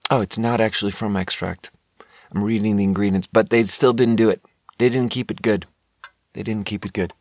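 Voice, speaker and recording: Low-voiced young man, rambling and jokey. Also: fairly even intonation, brisk, darkish tone, no echo. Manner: rambling, profane, jokey storytelling. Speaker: podcast host reviewing sparkling water. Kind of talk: casual monologue.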